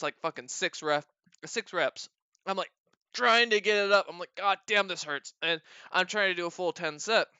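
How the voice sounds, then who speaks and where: A man's voice: sits high, sharp tone, clean tone, no echo, highs cut off. A man streamer telling a casual story, rambling and profane, often breaking into laughter.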